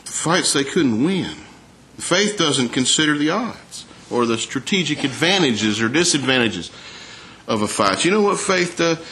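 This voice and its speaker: A man's voice: a little high, expressive, normal speed, sharp tone. A man preaching a sermon in a folksy way, reading scripture and asking his listeners questions. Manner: folksy, asks the congregation questions, reads scripture aloud.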